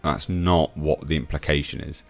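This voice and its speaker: This English YouTube reviewer has an extremely low voice with vocal fry and a moderate pace. He reads an article and scoffs through opinionated commentary, laughing and restarting often, with soft music underneath.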